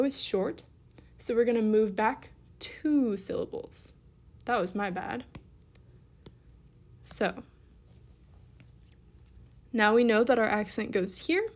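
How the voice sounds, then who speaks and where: A young woman teaching a recorded language lesson, upbeat and encouraging as she talks through worked examples and corrects herself casually. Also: mid-range voice. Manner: self-correcting, casual asides.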